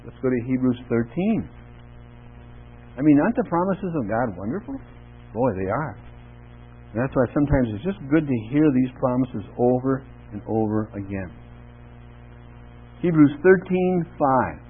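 A man's voice: expressive, moderate pace, husky. A man preaching a sermon in church, reading verses and asking the congregation questions, his voice rising for emphasis. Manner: asks the congregation questions, rises in pitch and volume for emphasis. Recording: tinny narrow-band recording with mains hum.

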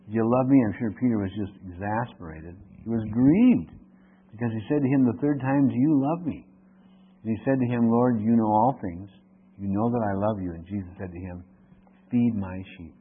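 A man's voice: medium pitch, slightly rough. A man preaching an expository Bible sermon. He reads scripture aloud, then explains it and asks the congregation questions. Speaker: pastor. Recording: tinny phone-like radio broadcast.

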